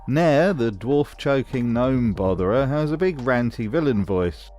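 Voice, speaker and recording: A man reading a scripted video essay in a mid-range voice, delivering jokes dryly. Soft music sits quietly behind him. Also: mid-range voice, expressive, unhurried. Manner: dry, wry humor. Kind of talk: scripted voice analysis narration.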